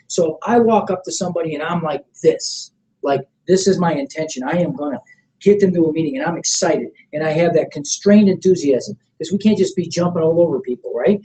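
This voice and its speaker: A middle-aged network marketing trainer runs a motivational sales training seminar, coaching energetically, checking often that the room is with him, and acting out sample pitches. His voice is mellow, and the audio quality is poor.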